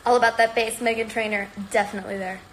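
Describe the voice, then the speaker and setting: A woman's voice: a little high, level tone, quick pace, slight background noise, poor audio. A woman chatting casually on a livestream from home, rambling and upbeat while slightly out of breath from exercising. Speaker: livestream host.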